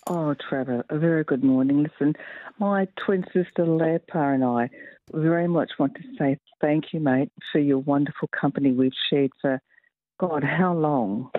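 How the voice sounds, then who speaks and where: A woman's voice: low-pitched, moderate pace, no room sound. Woman caller, effusive, says mate a lot, thin phone-line sound. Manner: effusive, calls everyone mate.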